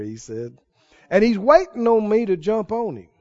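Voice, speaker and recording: High, lively folksy male preacher. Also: a little slow, long pauses. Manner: folksy storytelling, rising to emphatic exhortation. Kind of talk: sermon. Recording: dull lo-fi sermon recording.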